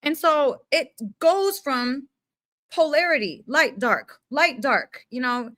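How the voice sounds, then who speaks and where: A young woman launches into an unfiltered motivational rant, her voice bright and forceful and pitched a touch high. She talks in loose, slangy bursts and leans hard on her emphasis, with a mild curse thrown in. The recording is close and dry. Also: slow pace, no room sound. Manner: animated, emphatic and casual, with slang and mild swearing. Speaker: spiritual self-help speaker.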